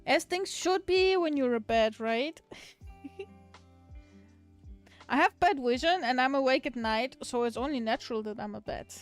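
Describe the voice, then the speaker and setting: A woman's voice: high-pitched, measured pace, long pauses, soft background music. A woman livestreamer in casual chat with her viewers, giggling often and swearing casually.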